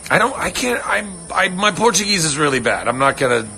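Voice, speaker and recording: A man's voice: a little high, very animated, fairly quick, gravelly, pushed and bright, slight background noise. A man hosting a casual livestream, rambling earnestly and swearing freely as he answers fans. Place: home on a ranch.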